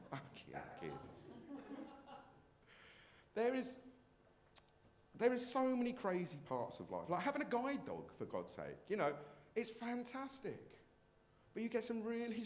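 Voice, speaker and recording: A man's voice: high voice, wildly swooping pitch, normal speed. A man performing a brash, self-mocking stand-up comedy set on a club stage.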